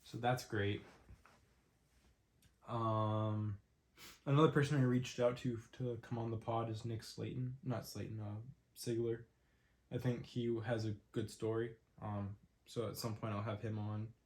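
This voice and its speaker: A young man with a stuffy, congested nose hosts his own podcast alone. His voice sits a little low, and he rambles casually from one thing to the next, dropping frequent "um"s along the way. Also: little pitch movement, measured pace, a little mellow. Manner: rambling, lots of "um" fillers. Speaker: podcast host. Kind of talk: casual solo podcast chat.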